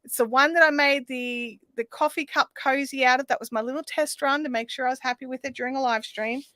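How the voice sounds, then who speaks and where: Woman, higher voice, crisp bright tone, chatty live-stream host, answers chat. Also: fairly even intonation, fairly quick, no room sound, studio quality. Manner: rambling with frequent ums and restarts. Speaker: livestream host.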